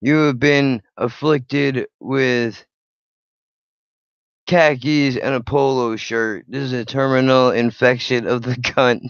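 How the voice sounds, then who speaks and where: A man voicing a grim male doctor who gives a mock-solemn diagnosis in a deadpan tone. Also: medium pitch, slow, clean tone, dry recording, muffled recording. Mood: mock-grave.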